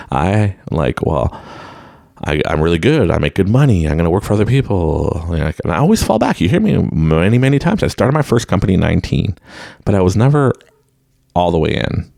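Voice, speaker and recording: A man's voice: deep voice, sing-song, brisk, gravelly, mellow, no echo, clean studio sound. A man hosting his own podcast, giving an unscripted motivational talk and laughing often. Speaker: podcast host. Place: room at home with a mic.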